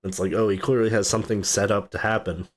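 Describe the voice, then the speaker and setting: A podcast co-host rambles casually about a film, swearing, laughing often and acting out movie quotes as he retells scenes. He talks quickly in a fairly low voice with fairly even intonation.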